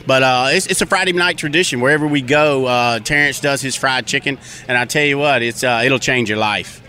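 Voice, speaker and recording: Bright-toned man, hesitant enthusiastic chat. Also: mid-range voice, a little fast. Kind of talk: casual chat.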